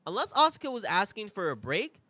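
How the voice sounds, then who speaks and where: A young man with a fairly high, bright voice that swings widely as he talks. He hosts a review show in a casual, opinionated ramble, tossing in quick asides and rhetorical questions. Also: no echo. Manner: animated, rambling, conversational asides. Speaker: podcast host.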